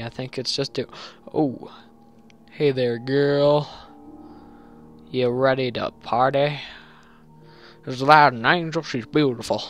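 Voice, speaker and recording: A young man talks through a horror game in a casual, rambling way at an ordinary middle pitch. When something jumps out, he breaks into loud, panicked yelling. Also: unhurried, faint music behind. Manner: chatty, jumpy, loud panicked yelling at scares. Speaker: gameplay commentator. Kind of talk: horror game let's play commentary.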